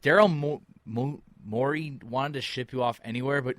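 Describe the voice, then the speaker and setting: A man's voice: medium pitch, moderate pace, a bit bright, no echo, clean studio sound. A man co-hosting a sports podcast, ranting in exasperation and mocking players with quoted voices. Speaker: podcast co-host. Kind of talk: heated sports talk.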